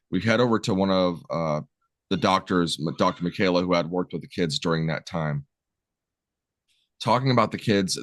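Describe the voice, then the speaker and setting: A man's voice: deep voice, no echo, clean studio sound. A man co-hosting a podcast, summarizing a horror movie plot in casual chat with jokey asides. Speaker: podcast co-host.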